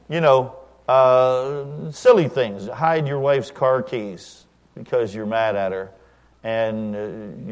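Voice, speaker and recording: Man, middle-aged, pastor, sermon, church, chatty storytelling, medium pitch. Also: a little mellow. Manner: conversational storytelling with asides to the congregation. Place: church sanctuary.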